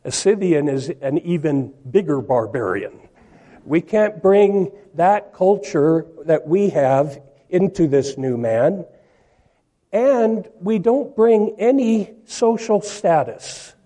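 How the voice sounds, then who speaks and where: A male preacher delivering a sermon at a slow, deliberate pace. His voice sits a little high for a man, yet it sounds mellow and soft. He reads scripture aloud and leans hard on the words he wants to stress. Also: lively intonation.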